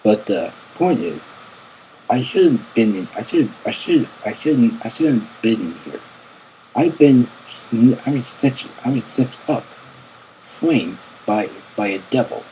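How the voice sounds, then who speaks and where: A man voicing a surly, boastful male cartoon rock bassist stuck in prison, reading his lines from an interview aloud in a blunt, grumbling way. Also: big pitch swings, slow pace, dark tone, a little hiss or hum, rough recording.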